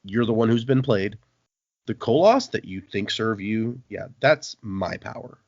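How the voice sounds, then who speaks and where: A man's voice: fairly low pitch, expressive, a little slow, vocal fry, no room sound, exaggerated voice. A man voicing a scheming male god of destruction who taunts and talks down, in a podcast recap. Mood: gloating. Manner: taunting, condescending. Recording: dull, dry lo-fi podcast audio.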